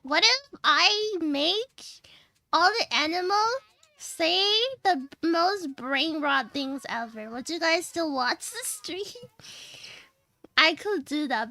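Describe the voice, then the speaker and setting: A woman's voice: high-pitched, slow pace, sharp tone, dry recording. A woman streamer chatting casually while she plays a game, giggly and playful, with dramatic outbursts and a cutesy voice. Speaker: VTuber streamer. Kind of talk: casual live-stream chat while gaming.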